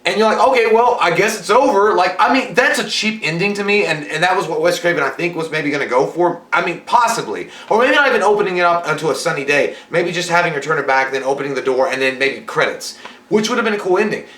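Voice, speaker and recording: A man co-hosting a casual movie review, his voice bright and a touch high. He jokes, swears freely and acts out scenes from the film. His voice rings in an echoey room. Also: expressive, quick pace. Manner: jokey, profane, acts out scenes. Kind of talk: casual chat.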